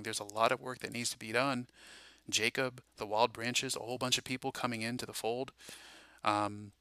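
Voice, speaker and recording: A man talks through a loose, preachy monologue, eager and rambling, full of fillers. His voice is very bright and keen-edged. The sound is dry and close, as in a small room. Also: medium pitch, no echo. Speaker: Christian prophecy video host. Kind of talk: casual monologue.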